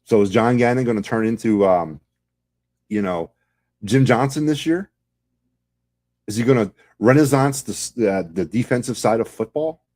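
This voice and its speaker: A man's voice: medium pitch, moderate pace, long pauses, darkish tone. Fired-up ranting sports podcast man. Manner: fired-up, sarcastic, rhetorical questions. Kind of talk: fan rant.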